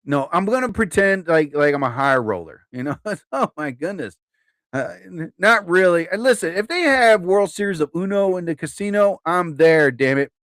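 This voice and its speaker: A chatty man in his fifties spins stories for a live-stream audience, his slightly high voice swinging up and down as he laughs at his own jokes. The sound is dry and close, with no room around it. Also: animated, normal speed, few pauses, fairly bright tone, dry recording. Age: 50s. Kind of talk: casual live-stream storytelling.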